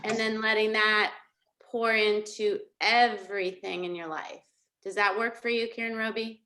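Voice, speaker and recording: A middle-aged woman leading a live coaching session over a video call, energetic and checking in with her listeners again and again. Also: medium pitch, normal speed. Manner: energetic, checks in often with "okay?" and "right?". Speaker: life coach.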